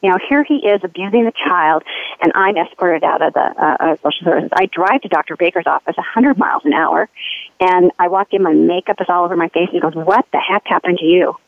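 A woman's voice: fairly low pitch, brisk, vocal fry, dry recording. A woman giving an earnest personal testimony as a mother, telling her story with urgency. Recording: tinny phone line.

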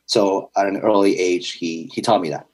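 A young man with a very low voice speaks as a guest in a conversational interview. He is earnest and reflective, pausing on fillers and restarting as he searches for the right words. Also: fairly even intonation, darkish tone, poor audio. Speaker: fitness trainer.

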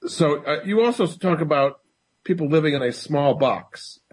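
A man's voice: on the high side, lively intonation, moderate pace. A man hosting a radio interview, asking brief questions and affirming his guest. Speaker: radio host.

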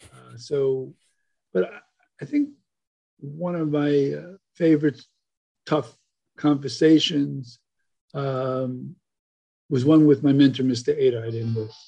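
Older man with a husky, mellow voice. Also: medium pitch, slow, long pauses, muffled recording. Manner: animated storyteller, many fillers and restarts. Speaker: guest. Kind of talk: storytelling in a podcast interview.

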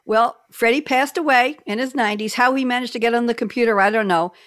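Chatty woman radio host, fairly high voice. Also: fast talker, a bit bright, no room sound, studio quality. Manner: emotional, storytelling, laughs often. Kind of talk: casual talk show chat.

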